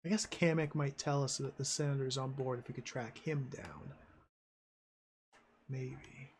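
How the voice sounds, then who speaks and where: A man's voice: mid-range voice, steady tone, a little slow, a little hiss or hum. A man streaming a game, musing aloud and trailing off as he plans his next steps. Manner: muses aloud, trailing off, talking to himself. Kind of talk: casual let's-play commentary.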